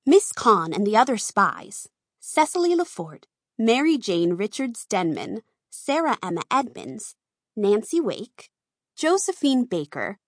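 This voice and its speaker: A woman reading a children's storybook aloud, slow and expressive. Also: a little high, no echo, studio quality. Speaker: narrator.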